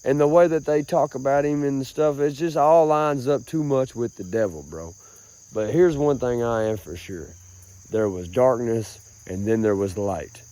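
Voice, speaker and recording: Young guy, mellow tone, rambling cussing vlog talk outdoors in a field. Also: medium pitch, moderate pace. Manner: rambling, swears often, calls listener bro. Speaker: vlogger. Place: outdoors in a rural grassy field.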